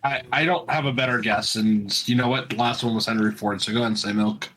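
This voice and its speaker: A man's voice: mid-range voice, fairly even intonation, quick pace, a bit bright, slight background noise, low-quality recording. A man on a casual podcast, thinking aloud and hesitating over trivia guesses.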